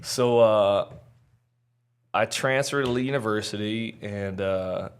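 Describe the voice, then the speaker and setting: A man's voice: fairly low pitch, takes it slowly, clean tone. A man guest on a podcast, telling his personal testimony in an earnest, candid, chatty way with frequent fillers.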